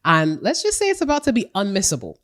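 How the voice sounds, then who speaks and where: A young woman co-hosting a casual podcast, animated and playful, hyping things up with slang. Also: mid-range voice, quick pace. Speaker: podcast co-host.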